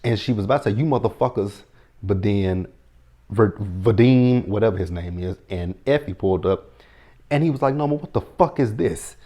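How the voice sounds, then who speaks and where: Sassy, profane man, lowish voice. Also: moderate pace, mellow. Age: 30s. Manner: blunt, profane, sassy retelling. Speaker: TV episode recap host. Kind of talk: casual recap chat.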